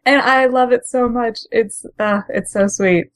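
A woman co-hosting a relaxed podcast, laughing often as she rambles through a recap. Her talk is loose, full of likes and ums. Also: fairly high pitch, unhurried. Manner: giggly, rambling, many fillers. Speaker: podcast co-host. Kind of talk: casual chat recapping a comic.

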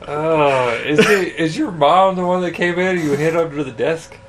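A man's voice: fairly high pitch, normal speed, a little hiss or hum. A man in a casual chat, laid back and swearing freely as he recalls a shared workplace moment. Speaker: co-host, former coworker.

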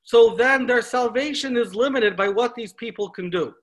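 A man with a high, bright voice lectures on scripture. He teaches in an animated way, weaving in stories and asking rhetorical questions as he goes. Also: moderate pace. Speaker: Torah teacher.

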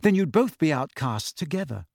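A man's voice: on the high side, big pitch swings, normal speed, gravelly, darkish tone, no room sound, studio quality, heavily acted. A man voicing a clever teenage girl who talks sternly and matter-of-factly. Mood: earnest. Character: earnest clever teenage girl, firm and sensible.

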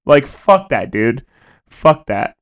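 A man's voice: medium pitch, very animated, takes it slowly. A man co-hosting a podcast, chatting casually, rambling and swearing a lot. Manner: rambling, profane, laughs often. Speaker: podcast co-host. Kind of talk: casual chat.

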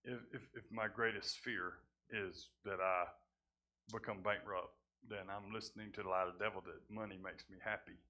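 A man preaching a sermon in a conversational way, often repeating words and dropping his voice low at times. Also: fairly even intonation, normal speed, sharp tone. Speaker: pastor. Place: church sanctuary.

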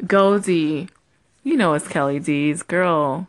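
A woman and fellow podcaster leaving a bubbly, slangy, animated voice message. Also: on the low side, a little slow, vocal fry. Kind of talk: casual voice message.

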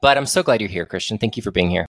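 A man hosting a podcast interview in a playful, self-mocking way, jumping into high excited exclamations. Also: racing, no echo. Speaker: podcast host.

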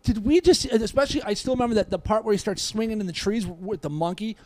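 A man in his forties, a podcast guest, telling stories in an animated, profane, casual way. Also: high-pitched, very fast, no echo.

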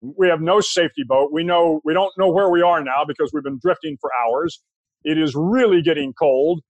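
An older American man, a guest in an interview, telling a long anecdote in a relaxed, conversational way with frequent restarts. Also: on the high side, normal speed, no echo, lo-fi sound. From United States. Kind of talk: storytelling anecdote.

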